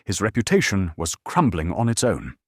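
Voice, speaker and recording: Male reader doing a cool, crisp Frenchwoman with a faint French accent, defiant, low-pitched read. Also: wildly swooping pitch, normal speed, dry recording, studio quality, full character voice. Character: composed, defiant French businesswoman wine dealer.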